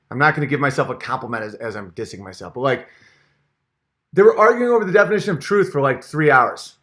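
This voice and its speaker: Pitched fairly high and a bit bright, a man's voice carries this comedic rant vlog from his own channel. As host, he goes off in a heated, sarcastic, profane way, restarting and rambling into asides.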